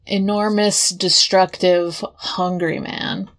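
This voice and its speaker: A woman's voice: on the low side, little pitch movement, takes it slowly, fairly bright tone. A woman co-hosting a casual podcast chat, joking around and laughing often. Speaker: podcast co-host.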